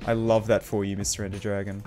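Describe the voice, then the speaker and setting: A young Australian man giving live commentary on his own gameplay as a streamer, reacting aloud with slang and quick laughs. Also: on the low side, little pitch movement, dark tone, faint music behind. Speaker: game streamer.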